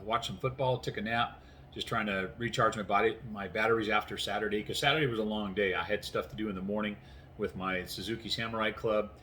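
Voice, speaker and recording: Tired man in his sixties, low voice. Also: a bit bright, a little hiss or hum. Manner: rambling, acts out conversations. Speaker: vlogger. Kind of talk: casual chatty storytelling. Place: inside his house, doors closed.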